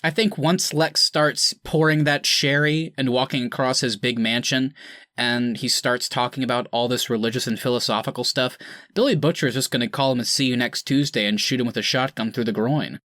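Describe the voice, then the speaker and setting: A man co-hosting a podcast, chatting casually with animated, jokey delivery and mock outrage. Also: mid-range voice, a little fast, no room sound, studio quality. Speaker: podcast co-host.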